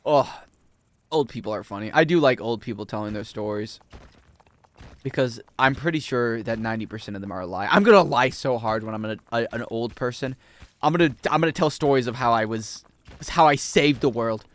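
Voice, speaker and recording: A young man streaming a video game, rambling and joking casually with his chat. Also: brisk. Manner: rambling, joking, animated swings in pitch.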